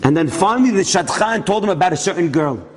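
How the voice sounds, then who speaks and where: A man, a rabbi, telling an inspirational story in an animated, dramatic way. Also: sits high, fast, a little hiss or hum. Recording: long hall reverb.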